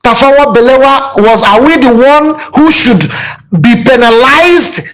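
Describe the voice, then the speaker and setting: A man's voice: very high-pitched, a little slow, a bit bright, low-quality recording. A man with a Nigerian accent, from southeastern Nigeria, giving a fiery, aggressive political talk as a panelist, full of rhetorical questions.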